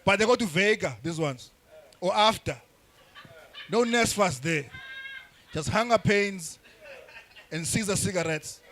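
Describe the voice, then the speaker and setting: A young man doing crude, rambling stand-up comedy with frequent restarts and shouted bursts. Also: sits high, lively intonation, measured pace, long pauses, slight background noise. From South Africa.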